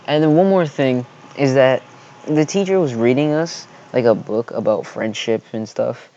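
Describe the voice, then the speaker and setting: A man's voice: mid-range voice, dark tone, lo-fi sound. A man telling a storytime vlog, rambling and swearing heatedly as he recounts a school fight. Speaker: vlogger.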